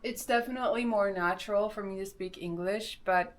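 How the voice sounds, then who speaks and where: A woman's voice: mid-range voice, fairly quick. A young woman with a Swedish accent, chatting casually on a live stream, greeting viewers and laughing often.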